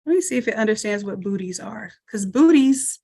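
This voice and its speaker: A woman's voice: mid-range voice, animated, fairly quick, creaky, mellow. A woman teaching a live online design class, chatty and thinking aloud as she works through each step. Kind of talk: live screen-share tutorial.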